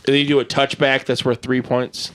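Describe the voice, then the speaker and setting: A man's voice: mid-range voice, flat delivery, fairly bright tone, a little hiss or hum. A man hosting a casual podcast, running a quiz and reading the questions out with jokes in between. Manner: reads quiz questions out slowly, jokey. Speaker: podcast host and quizmaster.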